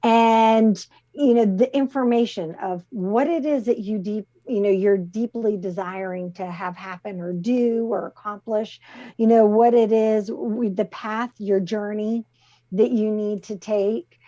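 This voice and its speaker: A middle-aged woman co-hosting a talk show, chatting easily and laughing often as she gently explains things over a video call. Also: mid-range voice, steady tone, measured pace. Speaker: co-host presenting the crystal of the week. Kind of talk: casual chat. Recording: slightly muffled call audio.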